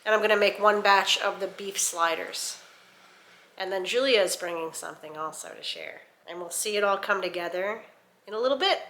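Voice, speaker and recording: A woman's voice: mid-range voice, normal speed, fairly bright tone, rough recording. A woman hosting a casual home cooking vlog, chatting through each step as she goes. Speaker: cooking channel host. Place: home kitchen.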